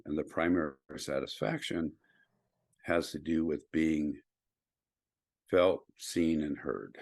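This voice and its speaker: An older man co-hosts a podcast, speaking in a low voice. He explains his ideas calmly and thoughtfully. The sound is dry, with no trace of the room. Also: slow, creaky, no echo. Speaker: podcast co-host. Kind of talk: casual conversation.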